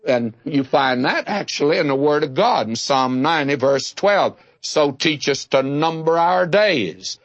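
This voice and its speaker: A man's voice: medium pitch, no echo, highs cut off. An older man giving a folksy, conversational Bible teaching, drawing out key words for emphasis and telling humorous anecdotes.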